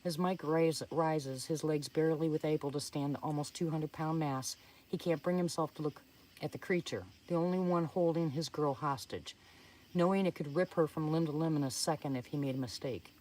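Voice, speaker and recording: A woman's voice: deep voice, normal speed, mellow. A woman reading a first-person story aloud, in an earnest, suspenseful telling with small slips. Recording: voice somewhat distant from the mic.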